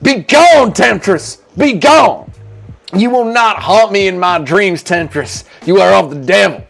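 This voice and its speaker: Australian man playing a fervent preachy fighter, shrill, theatrical and pitched way up. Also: lively intonation, unhurried, creaky, a bit bright, faint music behind, exaggerated voice. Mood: scandalized. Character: fervent preachy male fighter rebuking a temptress.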